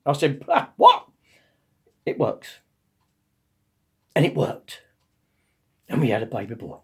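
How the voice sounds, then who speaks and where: A man in the role of a motivational speaker, telling a comic personal anecdote in a lively, cheeky way. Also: mid-range voice, unhurried, vocal fry, slightly rough.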